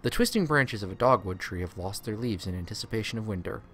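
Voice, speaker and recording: A man's voice: lowish voice, lively intonation, quick pace, fairly bright tone, faint music behind. A man streaming a game playthrough, reading the game's text aloud and adding sarcastic, profane asides.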